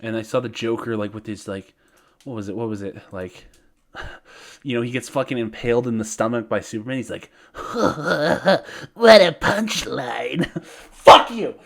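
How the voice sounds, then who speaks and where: A man's voice: lowish voice, flat delivery, fairly quick. A man giving a casual ranting review, profane and exasperated, often breaking into laughter. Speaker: video reviewer.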